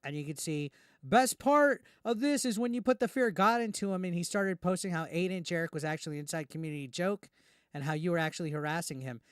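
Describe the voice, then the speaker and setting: Man, commentary host, indignant rant, slightly high voice, dry close mic. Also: clean tone, dry recording. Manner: heated, indignant, fast with repeated restarts. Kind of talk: ranting reaction commentary.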